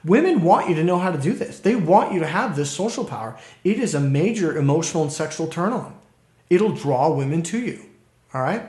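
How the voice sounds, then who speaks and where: A male dating coach talks straight to his listeners in an animated, storytelling way. His voice sits a little higher than most men's. The room around him rings with echo. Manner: animated storyteller who acts out quotes. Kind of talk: coaching talk to camera.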